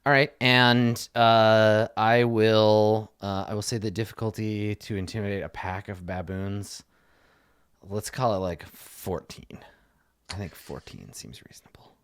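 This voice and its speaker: A man's voice: fairly low pitch, little pitch movement, unhurried, clean tone, no room sound. A man running a tabletop game as game master, talking casually and thinking aloud as he sets rules.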